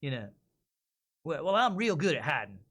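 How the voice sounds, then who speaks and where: A man's voice: a little high, big pitch swings, normal speed, fairly bright tone. A man voicing a sneaky, cocky outlaw bandit with a nasal voice. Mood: cocky, taunting. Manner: cocky and taunting.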